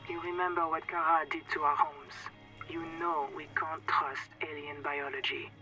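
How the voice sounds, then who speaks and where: An actress with a French accent voicing a calm, wary woman surgeon who briefs a stranded castaway in a video game, in an earnest, measured way. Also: low-pitched, faint music behind, rough recording. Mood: warning. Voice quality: measured, earnest warning delivery. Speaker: game character, colony surgeon.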